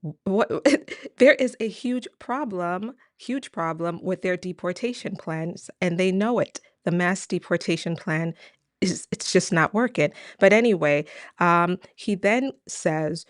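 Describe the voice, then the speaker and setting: A woman hosting an immigration news show, talking casually to viewers with many fillers and quick questions. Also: fairly low pitch, dry recording, studio quality. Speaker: immigration lawyer and host. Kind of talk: casual news commentary to camera.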